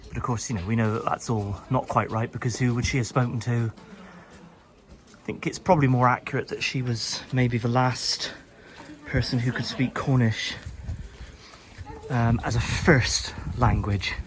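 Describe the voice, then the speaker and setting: A male vlogger wanders a busy seaside village after dark, narrating into a handheld camera. His pitch sits in a middle range for a man, and his talk is chatty and rambling, full of repeated words and false starts. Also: steady tone, moderate pace. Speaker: vlogger, host. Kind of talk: casual walking vlog commentary.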